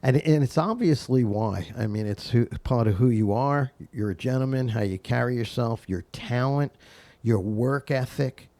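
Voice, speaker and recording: A man's voice: medium pitch, moderate pace, warm tone, no room sound. A man hosting a podcast who chats casually and praises his guest. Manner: brief encouraging interjections. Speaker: podcast host. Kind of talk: casual interview chat.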